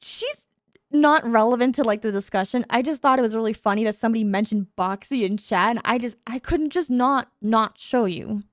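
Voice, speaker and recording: A woman hosting a stream in casual chat, bubbly and animated, reacting to her chat in a playful way. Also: fairly high pitch, fairly quick, no echo, clean studio sound. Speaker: VTuber streamer, host.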